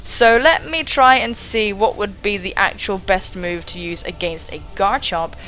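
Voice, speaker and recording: A young woman doing excitable live game commentary, thinking aloud and swearing casually. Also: mid-range voice, measured pace, faint music behind. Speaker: gaming channel host.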